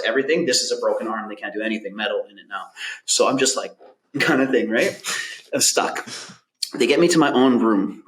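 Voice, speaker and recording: A man from Canada, a podcast guest, telling a personal story in a candid, casual way full of "like" and quick restarts. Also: fairly low pitch, fairly bright tone, poor audio.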